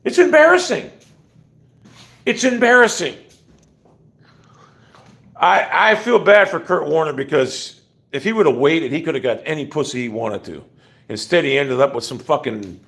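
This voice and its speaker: A man's voice: mid-range voice, fairly bright tone. Blunt rambling man on a livestream. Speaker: livestream host. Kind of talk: casual livestream rant.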